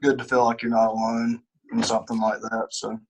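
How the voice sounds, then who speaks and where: Call participant, man, flat even delivery, subdued. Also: medium pitch, slightly rough, rough recording. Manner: subdued, measured. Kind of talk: video call Q&A remark. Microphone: video call.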